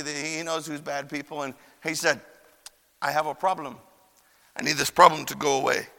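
A man's voice: fairly high pitch, vocal fry, sharp tone. A young man preaching a sermon in a church chapel, telling stories in a folksy way with plenty of fillers. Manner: folksy storyteller with many fillers and quoted voices. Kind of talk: sermon with storytelling. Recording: long hall reverb.

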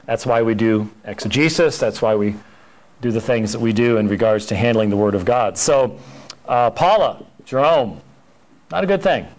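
A man's voice: fairly low pitch, normal speed. A man teaching a Sunday school church history class in an emphatic, conversational way, often repeating words.

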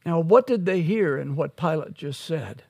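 A male pastor preaching an expository sermon, slow and emphatic, rising to loud peaks on key words. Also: a little high, expressive, dry recording.

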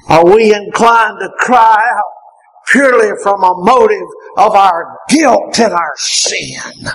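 A man preaching a fervent sermon, repeatedly rising into impassioned shouts. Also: high voice, slow pace, low-quality recording.

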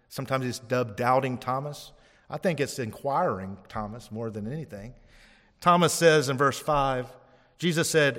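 Man, pastor, preaching, emphatic, call-and-response, mid pitch, echoing church hall. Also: fairly bright tone. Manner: emphatic preaching, rising on key phrases, asks the congregation for responses. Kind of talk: sermon. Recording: long hall reverb.

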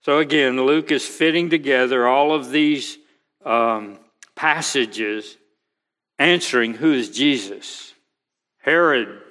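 A male pastor preaching a sermon, slow and emphatic, quoting scripture aloud. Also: medium pitch, lively intonation, sharp tone, big-room sound.

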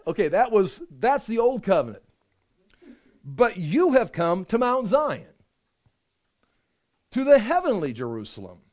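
A male preacher with a high-pitched voice delivers an animated sermon. He reads scripture and breaks into quick acted-out asides to make his points. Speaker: pastor.

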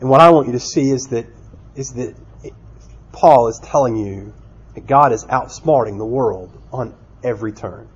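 A man's voice: mid-range voice, normal speed, slightly rough. A man preaching a sermon, self-deprecating and speaking directly to the children, on a dull lo-fi recording. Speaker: pastor.

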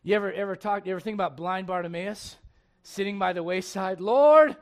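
Pastor, male, high voice, lively preaching with jokes and acted quotes. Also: fast talker. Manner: animated, humorous, laughing asides, acts out quotes. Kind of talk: sermon.

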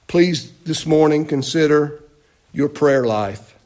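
A man's voice: on the high side, slow, darkish tone. A man preaching a sermon in a church, emphatic and full of rhetorical questions and repeated phrases. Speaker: pastor.

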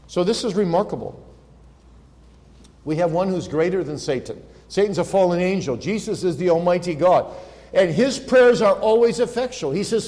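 A man preaching a sermon as pastor, earnest, slowing and swelling when he quotes scripture. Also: sits high, lively intonation, a little mellow. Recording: long reverb of a large hall.

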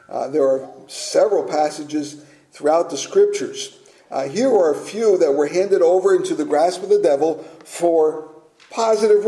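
A man's voice: fairly high pitch, mellow, roomy sound, rough recording. A man preaching a sermon as pastor, earnest and direct, asking his listeners rhetorical questions.

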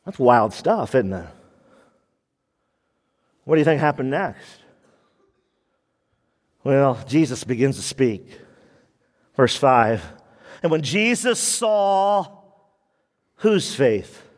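A man preaching a sermon to his church, animated, acting out quoted voices and laughing often. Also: medium pitch, slow pace, long pauses, big-room sound. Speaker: pastor.

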